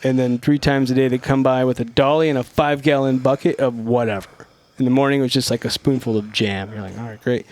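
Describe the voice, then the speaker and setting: This middle-aged man from Northern California is a podcast guest who tells stories in a loose, profane, lively style, voicing the quotes as he goes. He talks fast at a medium pitch.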